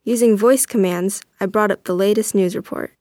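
A woman's voice: medium pitch, normal speed, darkish tone, no room sound. Woman reading a story, dry sound. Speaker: narrator. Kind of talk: first-person story reading.

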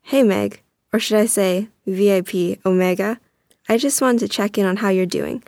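A woman's voice: medium pitch, steady tone, normal speed, darkish tone, no room sound, studio quality, lightly acted. A woman voicing a young male childhood friend in a story she reads, easygoing and reassuring. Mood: friendly. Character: young man, childhood friend, caring guard.

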